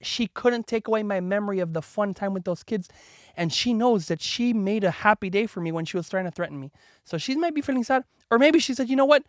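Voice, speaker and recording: A man hosting a podcast, telling a story to his daughter in a chatty, animated way, full of "like" and "right?", and acting out the voices of the people in it. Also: high-pitched, quick pace, dry recording, studio quality. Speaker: podcast host.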